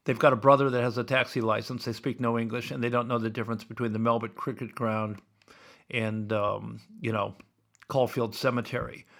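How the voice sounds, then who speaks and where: A man's voice: mid-range voice, flat delivery, fairly quick, vocal fry, a bit bright. A man, hosting a podcast as a rambling solo monologue full of wry asides and digressions. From Iowa, USA. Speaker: podcast host.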